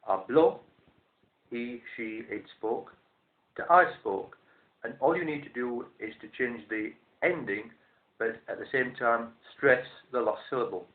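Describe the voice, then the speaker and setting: A man teaching a language lesson, explaining step by step in a measured, methodical way and repeating each form slowly. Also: medium pitch. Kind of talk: instructional explanation. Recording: roomy, tinny phone-like sound.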